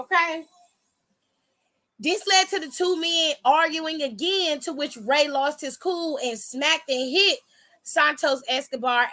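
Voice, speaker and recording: A high-voiced woman talks straight to her viewers in a casual vlog recap. She is sassy and chatty and swears freely, with a bright, ringing tone. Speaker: wrestling recap vlogger.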